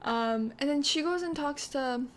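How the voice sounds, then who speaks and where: A woman's voice: high voice, a little slow. A woman hosting a gaming channel, casually retelling her game's story in a chatty, rambling way with lots of "like".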